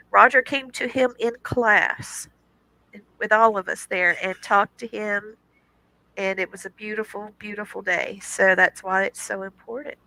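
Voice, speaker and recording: A woman hosting a podcast in casual chat, telling stories in an animated way and laughing often. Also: mid-range voice, gravelly, low-quality recording. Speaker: podcast host.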